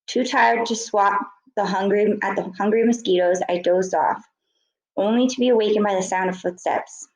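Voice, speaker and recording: A woman's voice: mid-range voice, fairly even intonation, normal speed, echoey room, poor audio. A woman teacher reading a book chapter aloud to students, correcting her slips and stopping to explain words.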